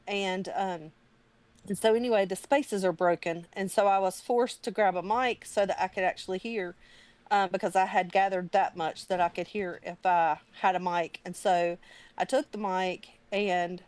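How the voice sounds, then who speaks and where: A woman's voice: mid-range voice, fairly even intonation, normal speed, a little mellow, no room sound. Emotional woman on the verge of tears. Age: adult parent. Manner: emotional, rambling, earnest. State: near tears. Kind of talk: casual heartfelt chat.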